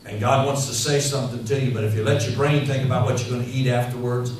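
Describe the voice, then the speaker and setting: A man preaching a sermon in a church, telling stories in an animated, rambling way full of fillers. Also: mid-range voice, quick pace, a crowd in the background. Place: church hall. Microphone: handheld mic. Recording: echoey hall, mic heard from far off, faint noise.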